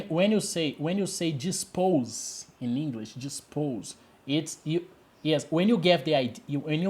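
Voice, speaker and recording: A man with a Brazilian Portuguese accent gives a one-on-one English lesson. His pitch rises and falls in a lively way as he repeats key words. He keeps checking in with the student. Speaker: English teacher.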